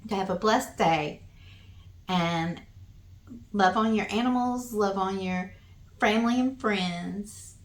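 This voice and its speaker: A woman in her fifties with a Southern US accent, talking to her viewers in a halting, earnest, homespun way. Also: medium pitch, echoey room. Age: 50s. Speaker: vlogger. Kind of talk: casual talk to camera.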